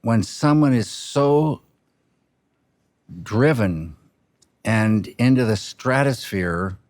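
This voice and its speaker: A film director speaking reflectively, with a halting manner of trailing off and restarting mid-sentence. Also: male voice, medium pitch, lively intonation, darkish tone, no room sound, studio quality. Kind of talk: reflective interview talk.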